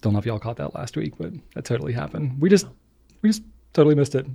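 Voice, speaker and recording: A man's voice: on the high side, lively intonation, fast, gravelly, warm tone. A man hosting a podcast in casual chat, bantering in a joking, easygoing way and reading out listener comments. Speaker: podcast host.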